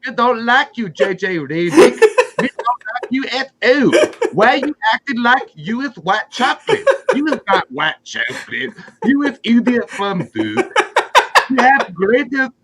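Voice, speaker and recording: A man's voice: extremely high pitch, very animated, unhurried, fairly bright tone, husky, pitched above the performer's own voice, full character voice. A man doing a goofy dim-witted character voice with broken English, like baby talk. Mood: heckling.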